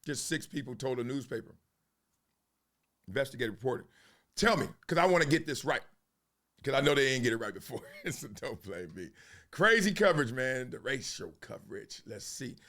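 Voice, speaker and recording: A man's voice: mid-range voice, expressive, normal speed, bright, forceful tone. A man hosting a sports commentary show, talking loosely with slang and frequent laughs. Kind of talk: casual monologue turning into a rap.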